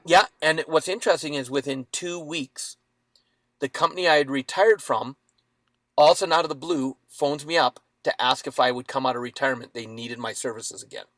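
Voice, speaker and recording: Animated storytelling man, dry close sound. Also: mid-range voice, a little fast, no echo. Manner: animated, dramatic retelling with acted quotes. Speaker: podcast guest. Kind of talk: storytelling in a podcast interview.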